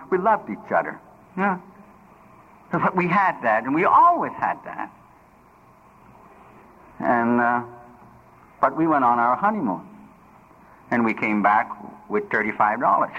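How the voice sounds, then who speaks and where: Older man telling a lively, dull lo-fi story. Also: medium pitch. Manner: humorous storytelling with plain, broken grammar. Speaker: recovery speaker. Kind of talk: personal story at a recovery meeting. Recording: dull lo-fi recording with faint noise.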